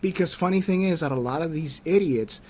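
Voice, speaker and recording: A man's voice: a little high, fairly quick. A man hosting a casual interview podcast, telling stories with energy and swearing candidly now and then. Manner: animated storyteller, acts out quoted people in a raised voice. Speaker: podcast host interviewing a creator.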